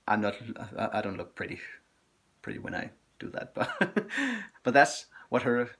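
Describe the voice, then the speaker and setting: A man's voice: mid-range voice, huge pitch swings, measured pace, a bit bright, slightly rough. Enthusiastic man chatting. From Denmark. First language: Danish. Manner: enthusiastic, chatty record reviews. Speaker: record collector vlogger. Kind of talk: casual chat.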